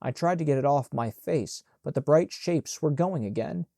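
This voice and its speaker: Dark-toned male audiobook narrator. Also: fairly high pitch, animated, normal speed, vocal fry, no echo, clean studio sound.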